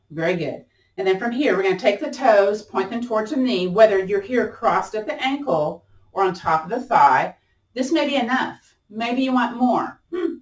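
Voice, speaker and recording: A woman instructor leading a gentle chair yoga class, chatty and playful, often laughing and encouraging. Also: mid-range voice, far from the mic. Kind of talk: guided exercise class. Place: room at home. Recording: roomy sound from off-mic.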